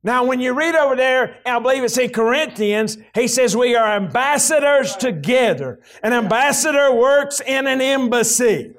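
A man with a Southern US accent preaching a sermon in a church, folksy and animated, often rising into shouts. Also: extremely high pitch, moderate pace, hardly any pauses. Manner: folksy, animated, breaks into shouts when excited. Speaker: pastor.

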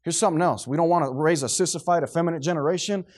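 A man's voice: on the high side, rapid-fire, darkish tone. A middle-aged man preaching a sermon to a congregation, fervent and preachy, sometimes losing his train of thought.

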